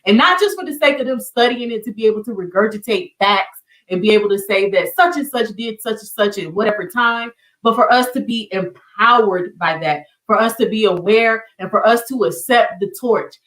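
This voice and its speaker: A middle-aged woman with a Southern US accent hosts an online teach-in, chatting to viewers in a warm, encouraging way. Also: a little high, moderate pace, distant mic, poor audio. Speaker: online community show host. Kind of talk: casual livestream teaching.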